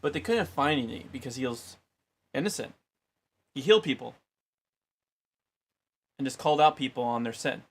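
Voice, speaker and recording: A man's voice: medium pitch, animated, normal speed, long pauses. Man reading scripture, then chatting. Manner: reads aloud, then chats loosely with many "like"s. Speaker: Bible study co-host. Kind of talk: scripture reading with casual commentary.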